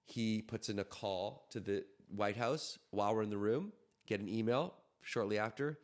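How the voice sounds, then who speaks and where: A man from Canada, a podcast guest, telling a story in a quick, animated way with frequent restarts. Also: fairly low pitch. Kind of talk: casual storytelling.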